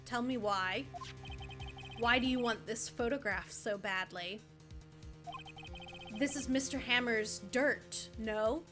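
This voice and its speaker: A woman voicing a sharp young male defense lawyer, questioning in a pressing way. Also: fairly high pitch, slow pace, long pauses, music in the background.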